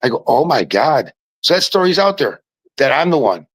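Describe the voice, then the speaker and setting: A man, a podcast guest telling stories in casual chat, animated and often restarting his words. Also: mid-range voice, moderate pace, poor audio.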